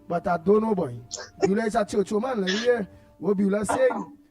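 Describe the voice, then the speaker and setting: A man with a Trinidadian accent hosting a casual call-in radio show, excitable and repeating his words as he reads out listener messages. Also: high-pitched, moderate pace, soft background music.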